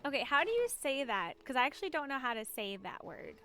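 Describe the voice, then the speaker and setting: Chatty woman streamer, slightly high voice. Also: big pitch swings, quick pace, pushed and bright, slight background noise. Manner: chatty, rambling, giggly. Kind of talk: casual chat while gaming.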